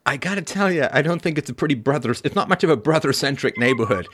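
A man hosting a podcast, talking in a lively, wordy way with frequent laughs and asides. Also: fairly high pitch, fast, slight background noise. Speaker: podcast host. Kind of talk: conversational interview.

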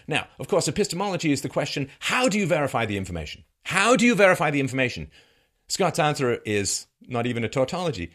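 A middle-aged man giving a sardonic monologue commentary that mocks what he criticizes, with bursts of laughter. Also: quick pace. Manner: sardonic, mocking, with lively swings in pitch and bursts of laughter.

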